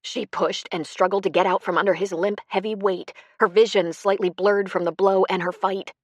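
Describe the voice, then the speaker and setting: A woman's voice: mid-range voice, fairly even intonation, moderate pace, no room sound. A woman narrating a tense audiobook in a dramatic storytelling manner. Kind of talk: scripted narration.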